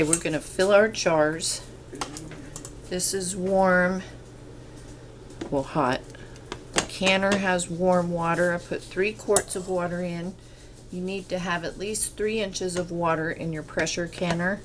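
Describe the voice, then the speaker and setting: A woman talking through home canning in her kitchen, stuffed up and congested, rambling in a relaxed, unhurried way. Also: on the low side, background noise. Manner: slow, unhurried, rambling explanations. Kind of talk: casual kitchen how-to chat. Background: kitchen clatter of pots and utensils.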